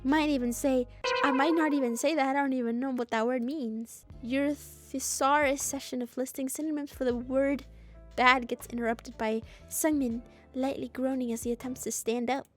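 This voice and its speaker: A woman's voice: high-pitched, moderate pace, faint music behind. A woman streamer reading a story game aloud and breaking off into playful, joking asides. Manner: playful, jokey, animated asides.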